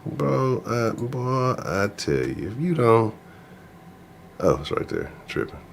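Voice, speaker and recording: Profane, animated male sports-show host. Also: mid-range voice, takes it slowly, gravelly, a little hiss or hum. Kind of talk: casual live-stream sports rant.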